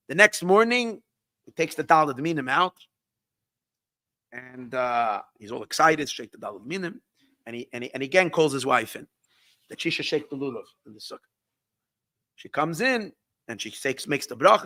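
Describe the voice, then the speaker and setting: A rabbi tells a story in a bright, forceful, somewhat high voice, sprinkling in Yiddish words. His telling is halting, as he often restarts and repeats words. The recording is dry and close.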